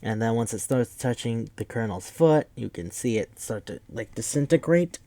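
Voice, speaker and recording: A man's voice: mid-range voice, animated, normal speed, warm tone, no room sound. A man casually recapping a movie, rambling and swearing with lots of fillers. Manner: rambling, profane, full of fillers. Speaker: podcast host.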